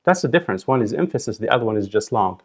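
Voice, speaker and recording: A man teaching a language lesson, slowly repeating words and breaking them into drawn-out syllables. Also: medium pitch, expressive. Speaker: Arabic teacher. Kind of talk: slow instructional explanation.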